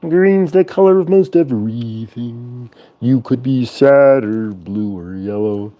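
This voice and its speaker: A man's voice: medium pitch, lo-fi sound, close to an everyday voice. Man putting on a Kermit frog croon. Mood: wistful singing. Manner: slow wistful crooning. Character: gentle singing male frog puppet.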